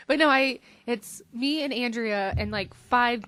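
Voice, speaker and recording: A woman's voice: high voice, fairly bright tone, dry recording. Wry, chatty woman on a podcast. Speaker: podcast guest. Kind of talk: casual chat.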